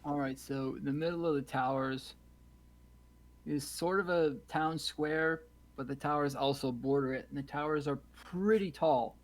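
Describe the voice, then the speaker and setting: A man narrating as game master of a tabletop game in a measured, explanatory way. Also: a little high, rough recording.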